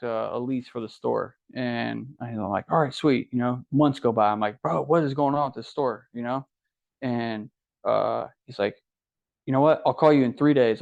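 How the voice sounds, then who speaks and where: This is a young adult podcast guest from Ohio with a creaky, mid-range voice. He recounts his story casually and animatedly, voicing what others told him. The audio sounds dull and lo-fi.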